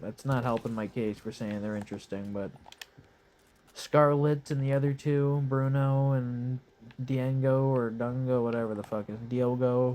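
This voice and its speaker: Hoarse, stuffy-nosed man rambling through gameplay. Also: medium pitch, warm tone, a little hiss or hum. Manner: laid-back, rambling, swears casually. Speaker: gaming commentator. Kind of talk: casual live gameplay commentary. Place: lying in bed at home.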